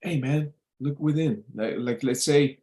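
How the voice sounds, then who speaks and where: A man's voice: medium pitch, unhurried, warm tone. Blunt, cursing man in an echoey room. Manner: blunt, swears often, repeats and restarts. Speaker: vlogger giving life advice. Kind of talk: casual motivational talk.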